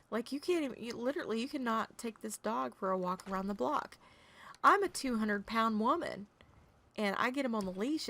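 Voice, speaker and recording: A woman chatting casually with viewers, telling stories in an animated way and laughing often. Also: mid-range voice. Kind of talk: casual chat.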